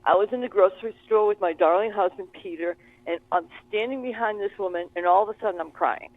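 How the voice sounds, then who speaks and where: Animated woman on a tinny phone line. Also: medium pitch, fast, no room sound. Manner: animated, expressive storytelling. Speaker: guest. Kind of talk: interview conversation.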